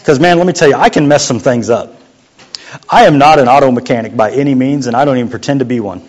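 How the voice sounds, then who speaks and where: A young adult man preaching a sermon as a youth pastor, in a conversational, joking way that sometimes drops to a quiet voice. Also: mid-range voice, fast talker. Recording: muffled lo-fi sound.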